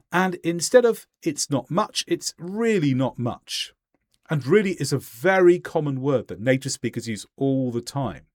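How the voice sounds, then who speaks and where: A man teaching English in a scripted voice-over, speaking clearly and deliberately and stressing key words. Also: a little high, no echo, clean studio sound.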